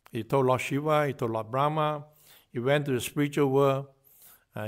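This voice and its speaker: Man telling devotional stories in a class. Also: medium pitch. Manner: narrates with acted-out dialogue, frequent fillers and restarts. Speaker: guest speaker giving a morning class. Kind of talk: devotional storytelling lecture.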